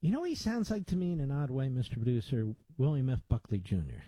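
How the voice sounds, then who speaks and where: A man's voice: mid-range voice, huge pitch swings, fast, dark tone, no echo, poor audio. A male radio host delivering emphatic, indignant talk radio commentary with lots of repetition.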